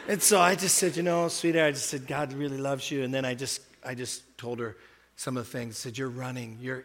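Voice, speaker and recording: A man's voice: mid-range voice, creaky, sharp tone, big-room sound. A man preaching a sermon to a congregation, telling a story and then urging the listeners on with rising emphasis. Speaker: pastor. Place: church hall.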